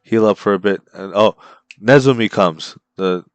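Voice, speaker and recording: A man with a very deep, smooth voice co-hosts a podcast, recorded dry and close. He retells events loosely, with slang and casual swearing. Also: normal speed, no room sound. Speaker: podcast co-host.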